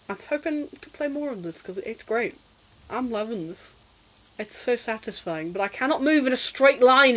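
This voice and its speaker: A young British woman chatting casually while streaming a game, self-deprecating and quick to giggle and exclaim. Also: on the high side, poor audio. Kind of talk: casual gameplay chat.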